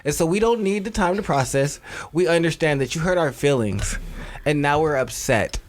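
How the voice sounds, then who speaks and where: A man's voice: fairly high pitch, animated, moderate pace, slight background noise. A man co-hosting a podcast in casual chat, emphatic and profane, often breaking into laughter. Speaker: podcast co-host.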